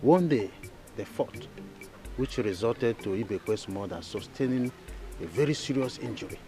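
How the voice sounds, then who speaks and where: An actor as a measured village elder. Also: male voice, mid-range voice, lively intonation, warm tone, close to an everyday voice. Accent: Nigerian English. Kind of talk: storytelling. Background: music.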